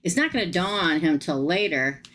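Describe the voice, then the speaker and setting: A woman reading tarot on a live stream, chatty and animated, laughing often. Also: fairly low pitch, moderate pace, background noise. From United States. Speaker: tarot reader.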